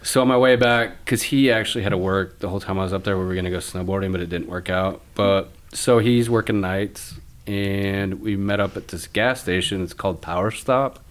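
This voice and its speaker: A man's voice: sits low, brisk. A young adult man who is a recruiter, a guest telling a story in a laid-back, casual way. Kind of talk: casual chat.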